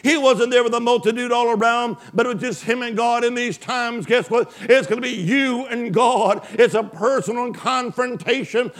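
A male preacher delivering an emphatic call-and-response sermon, swinging from loud exclamations to hushed asides. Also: extremely high pitch, moderate pace, hardly any pauses.

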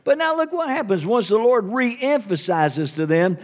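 A man's voice: high voice, expressive, normal speed, hardly any pauses. A man preaching a sermon, reading scripture aloud and explaining it, often calling out amen and hallelujah to the congregation. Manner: reads scripture aloud and paraphrases it.

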